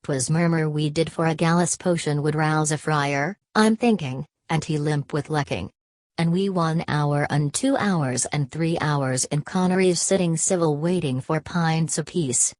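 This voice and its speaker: Brash mocking young man with a put-on Irish brogue, querulous and wailing, as a woman narrator puts him on. The voice sits low, and the reading is close and dry. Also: measured pace, darkish tone, no room sound.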